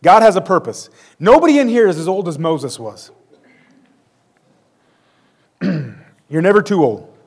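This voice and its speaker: A man's voice: sits high, very animated, measured pace, vocal fry, pauses often. A man in his forties preaching a conversational sermon with self-deprecating humor. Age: 40s. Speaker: pastor.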